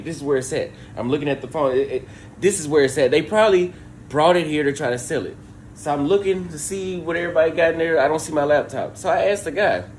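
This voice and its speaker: Man, exasperated storytelling rant, profane, higher-pitched, faint background hiss. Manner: exasperated, profane, acts out dialogue. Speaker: livestreamer.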